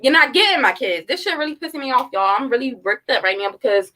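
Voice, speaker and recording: A woman's voice: sits high, lively intonation, quick pace, pushed and bright, low-quality recording. A woman, giving blunt, heated, profane commentary in a casual livestream. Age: 30s. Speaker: true-crime commentary host.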